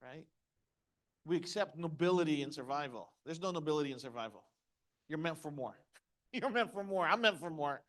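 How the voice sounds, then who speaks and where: A man's voice: on the high side, expressive, moderate pace, fairly bright tone. Punchy motivational speaker, a man. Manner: punchy, asks the audience questions. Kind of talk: motivational seminar talk.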